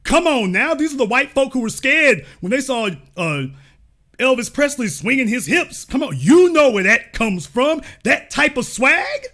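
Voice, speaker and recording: Animated, bright-voiced male stream host. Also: very high-pitched, unhurried. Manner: emphatic and preachy, with rhetorical questions. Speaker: livestream show host. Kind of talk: animated commentary on a livestream.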